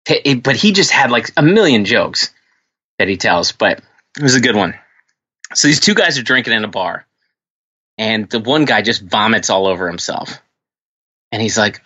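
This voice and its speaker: This man co-hosts a podcast, speaking at normal speed in a lowish voice with long pauses as he tells stories in casual chat. He's animated, swears, and acts out the voices of the people in his stories, though the audio comes across dull.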